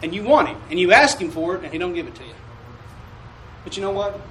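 A high-pitched male pastor delivers a homey sermon, pausing often to draw "Amen" from the congregation. His voice echoes around a church sanctuary, heard from a little way off the mic. A faint room hum runs underneath. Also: lively intonation, fairly bright tone, far from the mic. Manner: preaching call-and-response, asking "Amen?"; drawls mock King James commandments slowly.

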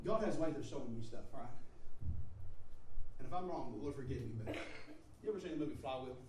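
A preacher giving a sermon in a church, moving between hushed asides and shouted exhortation. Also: medium pitch, animated, fast, far from the mic, a little hiss or hum. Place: church sanctuary. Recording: echoey hall, voice from off-mic.

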